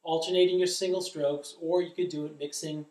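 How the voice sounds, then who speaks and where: A man's voice: on the high side, little pitch movement, fairly quick, darkish tone. A middle-aged man giving a drum lesson, explaining carefully and chanting rhythm syllables aloud. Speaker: drum instructor. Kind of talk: instructional demonstration. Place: drum studio, indoors. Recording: echoey room, distant mic.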